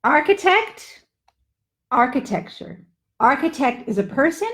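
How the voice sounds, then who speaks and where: A woman's voice: high voice, big pitch swings, a bit bright, a little hiss or hum. A middle-aged woman teaching English pronunciation in a live online lesson, drawing out words in playful drills. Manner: playful, drawn-out word drills.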